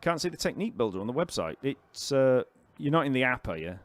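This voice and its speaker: A man teaching a live online bass lesson, explaining technique in a relaxed way, counting beats aloud and answering questions from the chat. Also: quick pace, no room sound.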